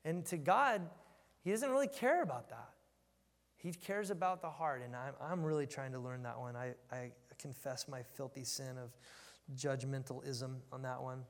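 A man's voice: medium pitch, moderate pace. A man in his thirties giving a casual, joking verse-by-verse Bible teaching in a church hall. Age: 30s. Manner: conversational, joking, animated storytelling. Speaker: preacher. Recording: long hall reverb.

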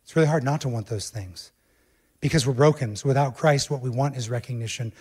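A male pastor preaching a sermon with emphatic delivery, swinging between hushed low passages and raised, urgent ones as he addresses the congregation directly. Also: a little fast, breathy edge.

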